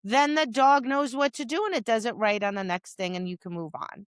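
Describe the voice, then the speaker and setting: This woman dog trainer talks fast-ish in a fairly high voice with no room sound while co-hosting a casual podcast chat. She animatedly performs her dog's replies and chides owners with clear exasperation.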